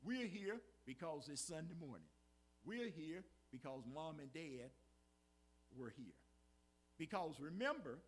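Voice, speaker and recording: Animated preacher, high voice. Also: male voice, a little slow, breathy edge. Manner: preaching with call-and-response asides, repetitive emphasis. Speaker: pastor. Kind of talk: sermon. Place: church sanctuary.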